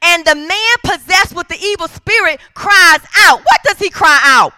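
A woman's voice: extremely high pitch, animated, moderate pace, bright, forceful tone, no echo. A woman preaching a sermon in a church, driving her points with repeated calls for agreement from the congregation. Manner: emphatic call-and-response preaching.

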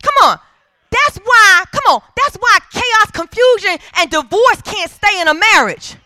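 A woman's voice: extremely high pitch, lively intonation, measured pace, bright, forceful tone, no room sound. A woman preaching a sermon in a church, driving her points with repeated calls for agreement from the congregation. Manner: emphatic call-and-response preaching.

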